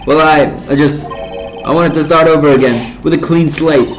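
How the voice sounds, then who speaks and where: A man reading the lines of an excitable, lovesick young man in a video game, eager and stammering as he rushes through them. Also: a little high, soft background music, natural voice, low-quality recording. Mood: dreamy.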